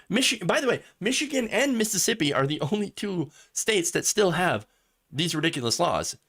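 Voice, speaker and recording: A man hosting a live political commentary show, sarcastic and animated, laughing at his own jokes. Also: mid-range voice. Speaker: host.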